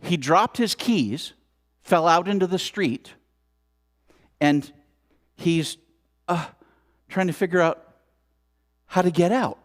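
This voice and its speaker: A man's voice: high-pitched, slow, pauses often. A man giving a storytelling sermon at a spiritual center, acting out the scenes with exclamations. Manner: animated, acts out scenes with exclamations. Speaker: speaker at a spiritual center service.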